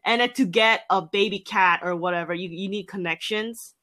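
At a normal speed, a young island woman tells a story in casual conversation. She's lively and full of fillers, slipping into high-pitched voices when quoting people.

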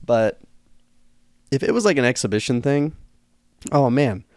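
A man co-hosting a podcast, relaxed and agreeable, swearing casually while chatting about a movie. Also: mid-range voice, a little slow, dry recording, clean studio sound. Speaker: podcast co-host.

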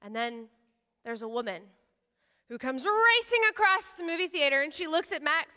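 Woman preacher, lively storyteller, bright tense voice, long hall reverb. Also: high-pitched, moderate pace. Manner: animated, acts out voices of characters. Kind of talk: sermon with storytelling.

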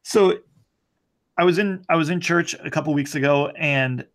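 A man's voice: fairly high pitch, moderate pace, fairly bright tone. A man co-hosting a casual theology chat, telling a rambling story with jokes and restarts. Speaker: podcast co-host.

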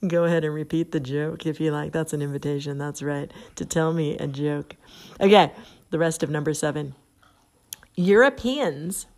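A middle-aged woman hosting a podcast, chatting casually and reading an article aloud, often laughing at what she reads. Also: deep voice. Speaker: podcast host. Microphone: phone app.

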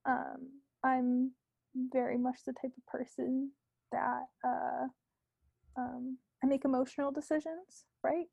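A young woman, a podcast guest, talking casually and earnestly about herself, with many fillers and soft asides. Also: high-pitched, flat delivery, slow, vocal fry, breathy edge, no echo, rough recording.

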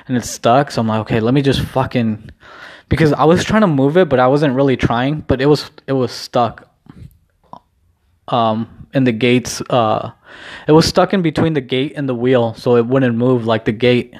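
A man's voice: mid-range voice, normal speed, darkish tone. A young man casually telling a rambling, profane story in a laid-back vlog. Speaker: vlogger.

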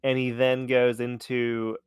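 A man's voice: mid-range voice, takes it slowly, background noise. A man co-hosting a podcast, recapping a cartoon episode in loose, swearing, laughing chat. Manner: animated, swearing, laughing storyteller. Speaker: podcast co-host.

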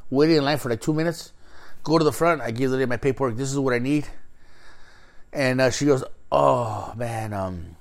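A man with a mid-range voice spins a lengthy story at a brisk clip during a casual chat. Profanity flows freely, and he animatedly performs each side of the conversations he recounts.

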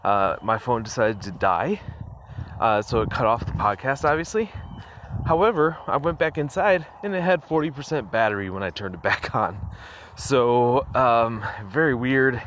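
On a phone recording, a podcast host talks casually by himself, drifting onto tangents with frequent chuckles and lots of fillers. He speaks at normal speed in a medium-pitched, fairly bright voice, and there's a bit of background noise.

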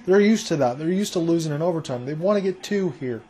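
A man doing solo play-by-play hockey commentary for an online broadcast, a rapid running call that jumps up on big plays. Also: a little high, animated, dark tone.

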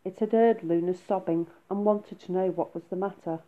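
A woman reading a children's story aloud in a soft, unhurried way. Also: fairly low pitch, level tone. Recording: phone-like narrow sound.

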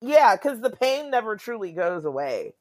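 A woman's voice: a little high, very animated, moderate pace, darkish tone, no room sound. A woman co-hosting a podcast in casual chat, asking questions and chiming in often. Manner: conversational, asks questions, backchannels often. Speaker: podcast co-host.

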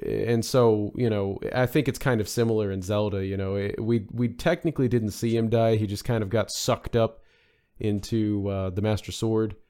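A man's voice: fairly low pitch, fairly even intonation, normal speed, darkish tone, smooth. A man chatting as a podcast guest, rambling with many fillers and restarts. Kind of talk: casual podcast discussion.

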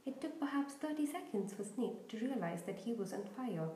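Woman narrator for a reading podcast, fairly high, dark mellow tone, echoey room. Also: moderate pace. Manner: steady storytelling reading. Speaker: audiobook podcast host. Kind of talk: audiobook narration.

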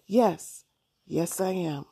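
A woman's voice: on the low side, very slow, vocal fry, warm tone, breathy edge, no echo, studio quality, full character voice. A woman voicing a firm, wise older Southern woman in a storybook reading, who patiently sets a young girl straight.

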